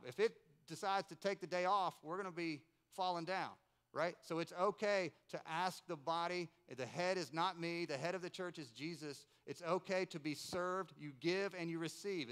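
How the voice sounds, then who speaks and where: Smooth-voiced man preaching a sermon. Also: a little high. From North Carolina. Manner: storytelling, animated, playful asides. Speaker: pastor. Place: church service in a rented building.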